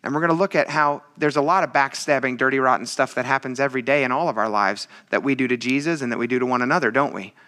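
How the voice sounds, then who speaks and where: A man's voice: medium pitch, fast talker, few pauses, bright, forceful tone. A man preaching a casual sermon in a chatty, teasing, self-mocking way. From military veteran. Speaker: pastor.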